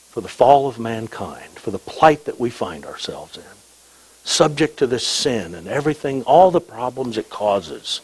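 A man preaching a sermon in a husky, slightly rough voice. He reads scripture with slow, deliberate weight, then drops into wry, light asides, and his pitch sits in an ordinary middle register. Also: a little mellow, rough recording. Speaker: pastor.

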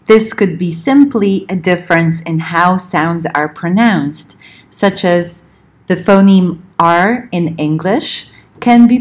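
A woman lecturing on linguistics, explaining points in a measured way and slowing down to spell out examples. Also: fairly low pitch. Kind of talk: recorded lecture.

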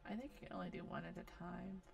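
A woman's voice: on the low side, fast talker, creaky, slight background noise. A woman giving casual commentary over a life simulation game, talking to and scolding her characters with frequent exasperation. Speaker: gaming video host.

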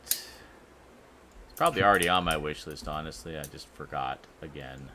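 A man's voice: extremely low pitch, moderate pace, pushed and bright, a little hiss or hum. A man hosting a live stream, chatting casually with friends, laid-back and self-deprecating, often laughing. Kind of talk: casual group chat.

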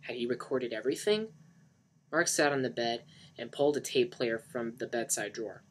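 A man's voice: medium pitch, moderate pace, a little hiss or hum. A man narrating a novel aloud in a dramatic book reading, with occasional slips. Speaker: reader of a novel.

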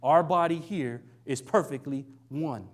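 A man's voice: a little high, measured pace. A young adult man giving a conversational sermon as a minister, often checking in with "right?" and acting out quoted lines. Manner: conversational, keeps asking "right?"; acts out quoted lines in shifting voices.

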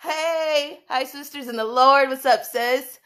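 A woman with a high voice rants on a live stream from a room indoors. She is animated and laughs often, and she swears while she repeats her points for emphasis. Her phone mic picks up a roomy echo. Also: slow pace. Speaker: livestream host, dance choreographer. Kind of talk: heated livestream rant. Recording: echoey room.

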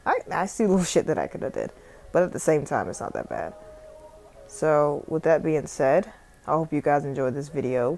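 A woman's voice: sits low, a little mellow. A young Southern woman from South Carolina, casually narrating a phone screen-recording tutorial in a rambling, profane, chatty way. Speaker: tutorial vlogger and music artist. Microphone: phone microphone.

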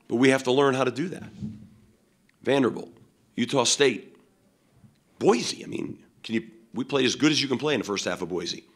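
A man's voice: mid-range voice, a bit bright. Blunt, emphatic football coach man. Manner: blunt, emphatic, many "you know" fillers. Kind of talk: post-game press conference.

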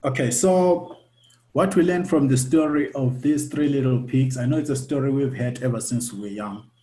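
A man, a civil engineer, explaining a lesson for children in a relaxed, casual way. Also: medium pitch, normal speed.

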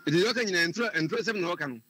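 A man, calling in to tell a personal story, often halting and repeating words as he searches for what to say. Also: high-pitched, animated, bright, forceful tone, breathy edge. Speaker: caller. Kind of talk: telling a personal story on a call-in show.

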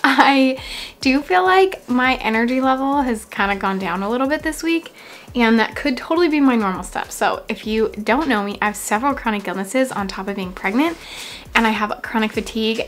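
A woman's voice: fairly high pitch, a bit bright. A young woman vlogging casually from home, chatty and apologetic, short of breath. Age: young adult. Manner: chatty, apologetic, laughs often. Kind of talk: casual pregnancy update vlog.

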